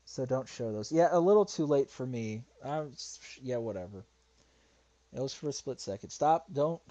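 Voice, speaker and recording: A man's voice: mid-range voice, expressive, moderate pace, mellow, highs cut off. A man streaming a response video, talking casually and rambling, getting frustrated, swearing and muttering to himself while he searches. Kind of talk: casual livestream commentary.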